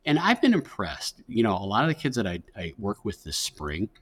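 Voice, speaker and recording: Deep husky man giving career advice. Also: huge pitch swings, fairly quick, a bit bright. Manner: earnest, advice-giving, frequent restarts. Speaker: career services director, guest. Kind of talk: conversational podcast interview.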